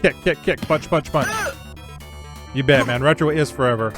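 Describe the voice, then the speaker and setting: A man hosting a gaming stream, chatting casually and giving rambling shout-outs to viewers. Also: a little high, a little fast, music in the background. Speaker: streamer host.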